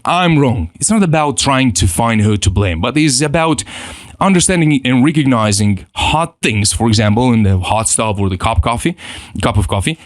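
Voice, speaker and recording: A man teaching a self-help lesson in an animated way, acting out quoted inner voices and often repeating himself. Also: medium pitch, dry recording, studio quality. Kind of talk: motivational teaching.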